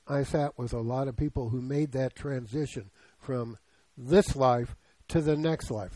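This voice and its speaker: A man's voice: a little high, darkish tone, dry recording, low-quality recording. A man in his seventies preaching a sermon in a conversational way, often putting questions to the congregation. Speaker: pastor.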